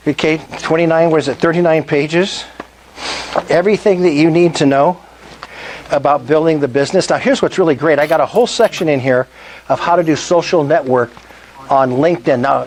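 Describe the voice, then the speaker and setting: An older man giving an enthusiastic sales presentation at a meetup, often asking the audience questions. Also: a little high. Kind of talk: sales presentation to a live group.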